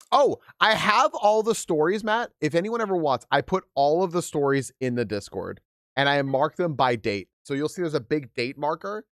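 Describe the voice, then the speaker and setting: A man's voice: fairly high pitch, a bit bright, dry recording, clean studio sound. A male game streamer chatting casually and reading stories aloud to his viewers, candid and profane, with laughing asides.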